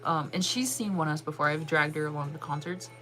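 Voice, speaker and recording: A woman hosts her channel and tells a long story to her viewers in loose, animated chat. She laughs often and fills her sentences with "like". Her voice sits a little low, with soft music playing faintly behind her. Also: fairly quick, low-quality recording. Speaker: channel host.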